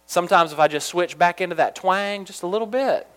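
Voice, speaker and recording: Man, young adult, from Georgia, humorous storytelling, chatty, lots of asides, fairly high pitch. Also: brisk. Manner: animated, chatty, full of asides.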